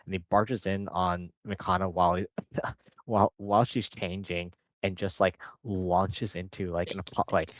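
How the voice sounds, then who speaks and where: A man's voice: low-pitched, level tone, moderate pace, dry recording. A man co-hosting a podcast, recapping an episode in casual chat, rambling with lots of fillers. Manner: rambling, filler-heavy, acts out quotes. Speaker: podcast co-host.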